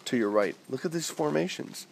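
Man, gravelly voice, lively swings in pitch, excitable family gamer. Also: fairly quick, a little hiss or hum. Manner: excitable, directing his family. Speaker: father and host playing with family. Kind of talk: casual game chat.

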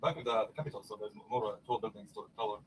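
A man speaking casually in halting, broken English beside his wife on her livestream. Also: fairly low pitch, a little hiss or hum, low-quality recording. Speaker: streamer's husband.

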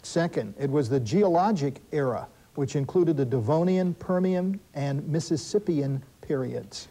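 Brisk, wry man hosting a quiz show. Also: on the high side, expressive, dark tone, rough recording. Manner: brisk and wry, adds quick asides and corrections. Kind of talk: reading quiz questions, bantering with teams. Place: television studio.

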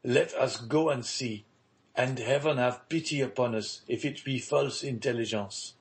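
A stunned, aging merchant father, as a male audiobook reader plays him, halting and bewildered. His voice sits somewhat above the reader's own and is pushed with mounting strain. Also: medium pitch, natural voice. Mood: incredulous. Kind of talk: audiobook character reading.

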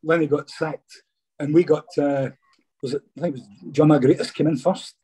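A man's voice: a little high, fairly even intonation, normal speed, dark tone, slightly rough. A middle-aged man from Scotland, a former footballer chatting casually in an interview and peppering his stories with "mate".

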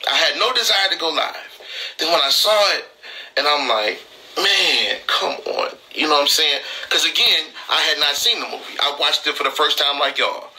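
A man's voice: on the high side, a little fast, bright, forceful tone, rough recording. Heated, emphatic man on a live stream. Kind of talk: impassioned live-stream talk.

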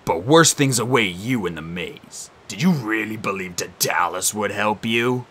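A man voicing the sneering ghost of an ancient king, speaking slowly in a low, mocking, menacing tone. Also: animated, a bit bright, slightly rough, heavily acted. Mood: sneering menace.

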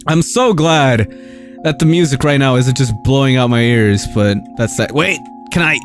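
A young man giving live commentary on a game, excitable and yelping often. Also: medium pitch, measured pace, over music. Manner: excitable, yelps and laughs often. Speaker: streamer.

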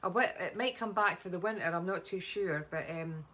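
A woman's voice: lowish voice, brisk, a bit bright, slight background noise. A Scottish woman chatting casually in a home beauty vlog, rambling with many ums and asides. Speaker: vlogger.

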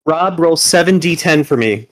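A man acting as game master, narrating a tabletop game in a casual, relaxed way. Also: a little high, moderate pace.

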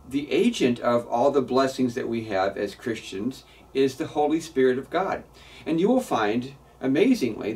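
A man's voice: mid-range voice, darkish tone, distant mic. A man preaching a sermon as pastor in a church, earnest and emphatic, often repeating words as he builds a point.

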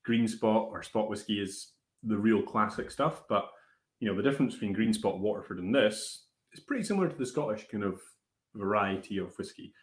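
A man's voice: fairly low pitch, expressive, brisk. A man hosting a whisky tasting, chatting casually with many fillers and restarts. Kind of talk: casual live tasting chat. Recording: roomy echo.

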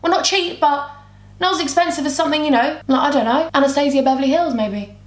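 A woman's voice: high voice, fast talker. A woman, chatting and rambling through a makeup tutorial as she talks to her camera. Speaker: beauty vlogger. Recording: roomy echo.

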